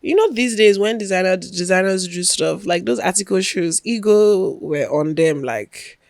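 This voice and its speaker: A young Nigerian woman co-hosts a relaxed podcast chat, talking freely and dropping in pidgin phrases. Her voice sits at a middle pitch and is recorded dry, with little room sound. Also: normal speed, creaky, dry recording. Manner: lively, mixes in pidgin slang. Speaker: podcast co-host. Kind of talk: casual chat.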